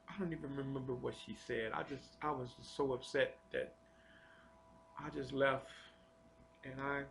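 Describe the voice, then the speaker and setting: A man telling a personal spiritual testimony in an earnest, confessional way, halting and often repeating his words. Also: medium pitch, steady tone, creaky, a little hiss or hum. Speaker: storyteller sharing a personal testimony.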